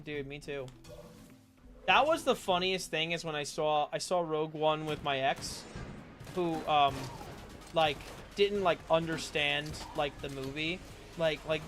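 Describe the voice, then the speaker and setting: A man's voice: fairly high pitch, normal speed, fairly bright tone. Profane, rambling young streamer guy. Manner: casual and profane, rambling with many fillers. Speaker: livestream streamer. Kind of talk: casual livestream chat while gaming. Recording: music playing behind the voice. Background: music.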